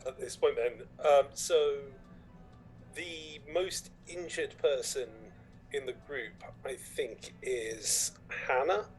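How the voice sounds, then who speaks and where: A man's voice: mid-range voice, slow pace, faint music behind, poor audio. Hesitant man playing a tabletop game. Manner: hesitant, thinking aloud. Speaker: player.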